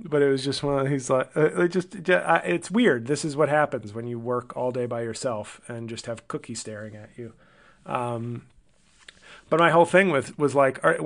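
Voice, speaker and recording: Man, comedian podcast host, solo monologue, rambling, sardonic, self-deprecating, mid-pitched voice. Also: creaky, a bit bright.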